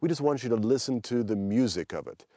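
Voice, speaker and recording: A middle-aged man hosting a language-lesson podcast, explaining in a relaxed, chatty way. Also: medium pitch, fast, dry recording, studio quality. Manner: relaxed, chatty, prone to restarts. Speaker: podcast host and language teacher. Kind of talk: explanatory teaching chat.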